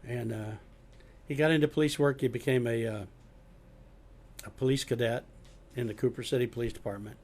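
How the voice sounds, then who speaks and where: An older man, a former police officer and guest, rambling through a story with restarts and throat clearing. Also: mid-range voice, steady tone, fairly quick, long pauses, darkish tone. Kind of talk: casual chat.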